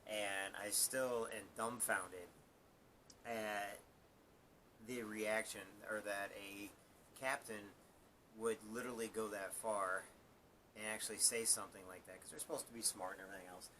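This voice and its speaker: Male live-stream host, ex-Marine sergeant, rambling and laughing, somewhat low pitch. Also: steady tone, measured pace, sharp tone, slight background noise. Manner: rambling, laughs at his own story, repeats words. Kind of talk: casual storytelling on a live stream.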